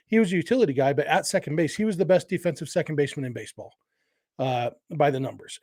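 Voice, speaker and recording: A middle-aged man chats through a sports podcast in a casual, think-out-loud way, full of fillers and small restarts. His voice sits a little high for a man. The recording is close and dry, with no room sound. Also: dry recording. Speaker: podcast host.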